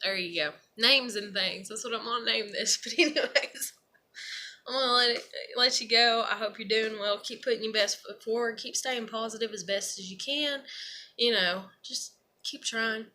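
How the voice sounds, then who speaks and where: A woman's voice: fairly high pitch, moderate pace, sharp tone. A woman talking frankly and casually to her camera in a rambling personal monologue, swearing freely and leaning on "you know" and "I'm like". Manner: frank and profane, rambling with many fillers. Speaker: vlogger.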